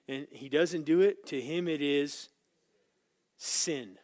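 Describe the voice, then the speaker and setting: Lively man preaching, dry sound. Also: on the high side, normal speed, dry recording. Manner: lively, swings from loud emphatic reading to quiet asides. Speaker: Bible teacher. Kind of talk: sermon. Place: church room with small group.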